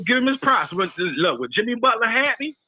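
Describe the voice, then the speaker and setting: High, bright-voiced teasing male caller. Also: big pitch swings, brisk, dry recording, low-quality recording. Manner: teasing, emphatic, slangy. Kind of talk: casual call-in chat.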